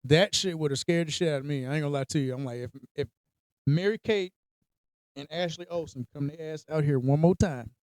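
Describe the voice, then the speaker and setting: Podcast co-host, male, high clear voice, animated storyteller, cusses a lot. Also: no echo. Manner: animated storytelling, heavy cursing, acts out reactions. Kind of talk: casual chat.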